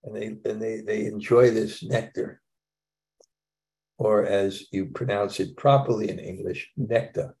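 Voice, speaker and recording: A man leads a scripture class, his voice pitched a little low and rough with fry. He talks casually, restarting phrases and dropping in chuckling asides as he explains the text. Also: fairly even intonation, unhurried, darkish tone.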